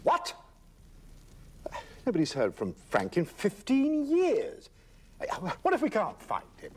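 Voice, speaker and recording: An actor playing a greedy, panicky son who bursts out in agitation. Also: male voice, high voice, huge pitch swings, slow pace, darkish tone, a little hiss or hum, heavily acted. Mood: agitated. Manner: agitated outbursts.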